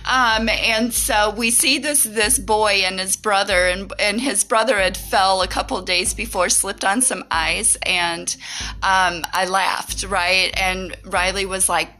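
A woman's voice: medium pitch, measured pace, pushed and bright, soft background music. A middle-aged woman hosting a podcast, telling a story casually, laughing often and swearing freely. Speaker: podcast host.

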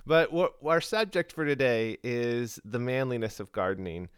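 A man's voice: mid-range voice, moderate pace, clear, resonant tone, dry recording, studio quality. A man co-hosting a podcast in casual, jokey conversation, chatting easily and laughing. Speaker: podcast co-host.

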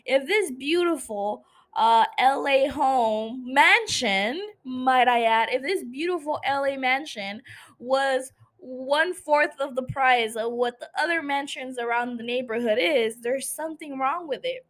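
A woman's voice: sits high, unhurried, a bit bright. A young woman hosting a podcast, recapping a TV episode in casual chat, swearing a lot and laughing at her own jokes. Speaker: podcast host.

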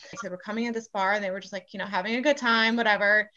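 Young woman, bartender, casual storytelling, bright voice, swears a lot, lo-fi dull sound. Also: mid-range voice, racing. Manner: animated, swearing, acts out quoted voices loudly.

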